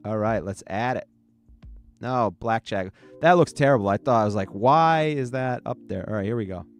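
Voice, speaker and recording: A man's voice: fairly low pitch, a little fast, faint music behind. Rambling male podcast host telling stories. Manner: rambling, self-interrupting, laughs while telling stories. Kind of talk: casual storytelling.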